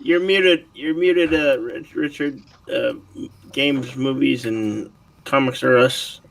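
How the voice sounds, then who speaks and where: A man's voice: mid-range voice, takes it slowly, gravelly, rough recording. A man in a casual group voice chat, teasing and laughing often.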